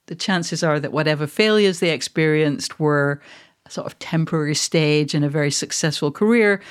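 Wry middle-aged woman with mid-Atlantic accent. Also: lowish voice. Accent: mid-Atlantic with Mancunian roots. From Manchester, England. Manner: wry, reflective, laughs easily. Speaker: podcast co-host. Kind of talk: casual chat.

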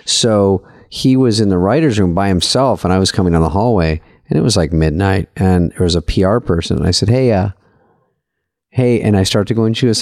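A man's voice: fairly low pitch, a little fast, darkish tone, dry recording, studio quality. Male co-host, casual storyteller, plays out every line of dialogue. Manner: storyteller who acts out quoted dialogue. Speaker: podcast co-host, former comedy writer. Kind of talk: casual chat, anecdotes.

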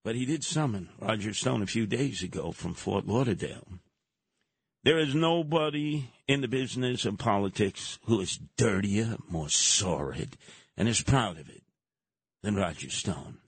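A male talk radio host rants through his monologue, his pitch swinging widely as he slips into mocking impressions. His voice is slightly husky, and the mic sounds dry and close. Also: moderate pace, no echo. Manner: animated, jumping into mocking impressions.

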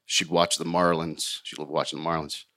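A comedian from Florida telling a personal story, rambling, self-mocking and profane, with halting restarts. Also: male voice, very deep voice, level tone, pushed and bright. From Hollywood, Florida, USA.

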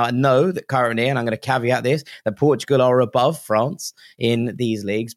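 A man's voice: fairly low pitch, no echo. A man hosting a football podcast in an upbeat, conversational way. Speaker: podcast host.

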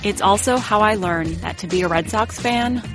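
A woman's voice: medium pitch, moderate pace, music in the background. A woman from New England narrating a sports documentary podcast in a wry, personal scripted style.

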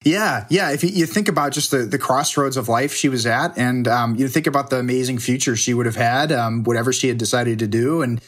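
A man's voice: medium pitch, a little fast, few pauses, a bit bright. A man who works as a TV news reporter, a guest on a remote call, talking casually and hesitantly with many restarts. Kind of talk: casual interview. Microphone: remote connection.

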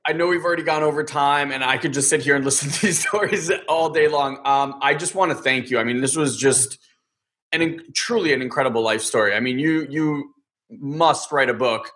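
A man hosting an interview, wrapping up with a halting, hesitant delivery. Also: fairly high pitch, a bit bright. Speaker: interview host. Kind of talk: casual chat.

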